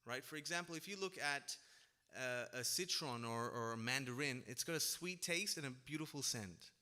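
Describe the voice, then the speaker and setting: A man's voice: medium pitch, normal speed, sharp tone. Young man talking in a reverberant hall. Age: young adult. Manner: casual, reflective, uses "right?" and "bro". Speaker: panelist. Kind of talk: religious discussion talk.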